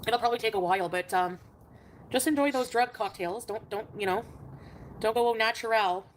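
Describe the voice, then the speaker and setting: A fairly high-voiced woman chats casually on a livestream and reads out her viewers' names with easy familiarity. A faint hiss of background noise runs under her voice. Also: moderate pace. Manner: chatty, greeting viewers by name with frequent laughs. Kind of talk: casual live stream chat.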